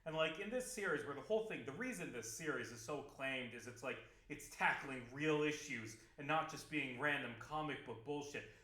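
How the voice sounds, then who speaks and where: A man's voice: medium pitch, lively intonation, normal speed, hardly any pauses, pushed and bright, reverberant. A man vlogging casually over gameplay, rambling with lots of fillers, restarts and casual swearing. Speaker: video game vlogger.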